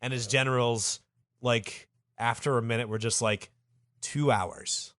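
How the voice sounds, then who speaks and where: A man hosting a comedy podcast tells a story with a profane, rambling delivery. His voice sits at a middle pitch. The sound is dry and close. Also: flat delivery, moderate pace, fairly bright tone, clean tone, dry recording. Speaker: podcast host.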